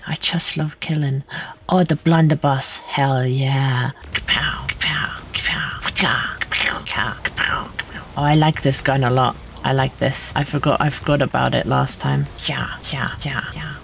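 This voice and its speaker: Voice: mid-range voice, flat delivery, normal speed, vocal fry, a little hiss or hum. A streamer giving casual gaming commentary in a playful way, often muttering whispered sound effects and repeating filler words.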